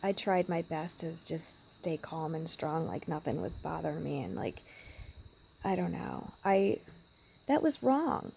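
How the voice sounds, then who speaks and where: Gravelly-voiced woman telling a personal story. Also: low voice, measured pace, slight background noise. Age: adult parent. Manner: emotional, drops to a hushed whisper at times. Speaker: vlogger.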